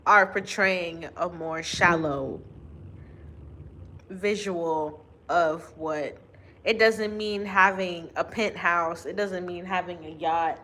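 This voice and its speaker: A woman talks through a spiritual monologue, her voice sitting a little low. She takes her time, with long pauses and restarts. A faint hiss of noise stays under her voice. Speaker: spiritual reader and vlogger. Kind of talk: unscripted spiritual monologue to camera.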